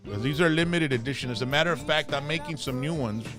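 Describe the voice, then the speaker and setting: A man's voice: a little high, fast talker, music in the background. A middle-aged man, co-hosting a casual chat, joking and switching between English and Spanish. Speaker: co-host.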